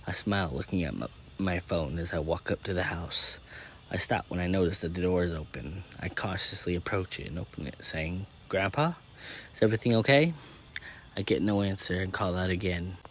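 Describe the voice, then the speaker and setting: A man narrating a first-person story in a steady way, with small slips and restarts. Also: low-pitched, brisk, a little hiss or hum.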